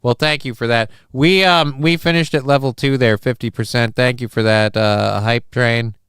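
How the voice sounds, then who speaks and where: A man hosting a live stream, reading viewer messages aloud in a rambling, deadpan way with lots of fillers. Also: mid-range voice, moderate pace, clean tone, no room sound, clean studio sound. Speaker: live-stream show host.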